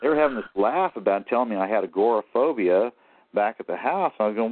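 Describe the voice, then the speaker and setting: Low-voiced male guest, rambling and aggrieved, very lively pitch, tinny phone sound. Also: fairly quick, dry recording. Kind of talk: phone-in interview.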